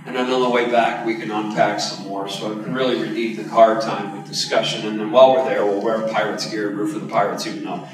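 A man's voice: fairly low pitch, little pitch movement, fast, few pauses, a crowd in the background. A man preaching a sermon, telling a personal story in a candid, conversational way with emphatic bursts. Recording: echoey hall, voice from a distance.

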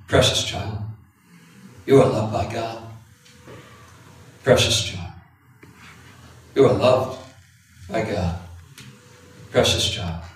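A man preaching a sermon, telling a personal story in an animated, confessional way. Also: fairly low pitch, slight background noise. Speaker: pastor. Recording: echoey hall from far off.

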